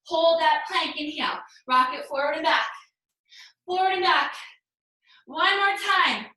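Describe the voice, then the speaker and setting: A woman's voice: high-pitched, moderate pace, pushed and bright, very echoey, distant mic, low-quality recording. A woman teaching a live yoga class, cueing poses in an upbeat way, sometimes half-singing, and a bit out of breath. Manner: upbeat cueing, sings some cues, laughs at herself. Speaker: yoga instructor. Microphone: laptop mic over a hotspot.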